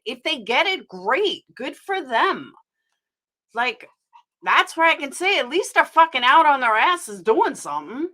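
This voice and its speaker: A woman's voice: fairly high pitch, sharp tone. A woman hosting a casual live stream, talking bluntly, swearing freely and rambling as she vents to her viewers. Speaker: livestream host.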